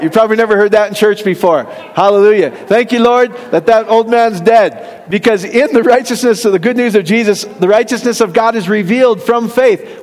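A middle-aged man preaching a joking, conversational sermon, often asking the congregation questions and laughing at his own jokes. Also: high voice. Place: church hall. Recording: long reverb of a hall.

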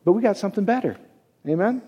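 A man's voice: high-pitched, expressive, fast talker, warm tone, breathy edge, dull audio. A man preaching a casual, conversational sermon as a pastor, often checking in with his audience. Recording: echoey hall, long reverb.

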